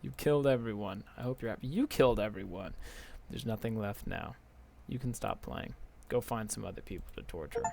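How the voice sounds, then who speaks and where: A man's voice: lowish voice, a little fast, vocal fry, darkish tone, a little hiss or hum. A man reading aloud the lines of a heartbroken teenage girl character from a game, with pleading, wounded emphasis. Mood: accusing.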